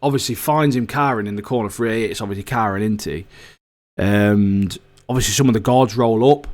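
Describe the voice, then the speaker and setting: A man's voice: lowish voice, brisk, darkish tone. Jokey man on a podcast. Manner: chatty, jokey, slangy, says mate a lot. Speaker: podcast co-host. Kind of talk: casual chat.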